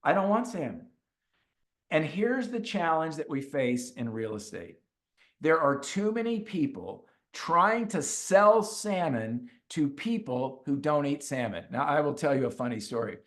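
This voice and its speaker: A male executive coach gives a webinar talk full of stories. He delivers them in an animated way and hammers his points with repetition. His voice sits a little higher than most men's. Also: a little slow. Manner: animated storyteller, repeats points for emphasis.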